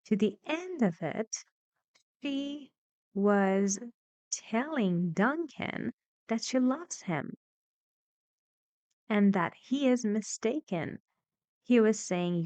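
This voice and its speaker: A woman's voice: fairly high pitch, darkish tone, no echo, lo-fi sound. A woman English teacher explaining a listening exercise in a video lesson, patient and encouraging. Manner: patient, encouraging, slightly halting.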